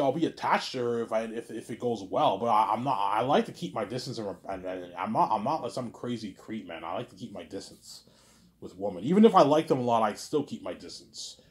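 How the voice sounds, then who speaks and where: A man's voice: mid-range voice, lively intonation, quick pace, darkish tone. A man rambling in a casual monologue to camera, stumbling over his words, swearing freely, and leaning on the same filler phrases again and again. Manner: repeats "obviously" and "you know what I'm saying", stumbling restarts, crude slang. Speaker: vlog host talking to camera.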